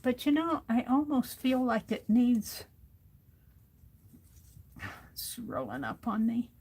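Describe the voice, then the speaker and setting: A woman's voice: on the high side, slow, vocal fry, a little mellow, husky. A woman livestreaming as she crafts at her desk, chatting casually and thinking aloud to herself as she works. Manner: talks to herself while working, thinking aloud. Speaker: crafting streamer.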